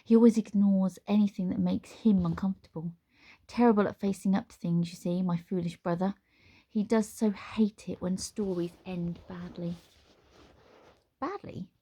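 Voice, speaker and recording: A woman voicing a sly, menacing witch in a storybook reading, with a smooth, sing-song, teasing manner. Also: medium pitch, brisk, dark tone, close to an everyday voice. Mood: mocking.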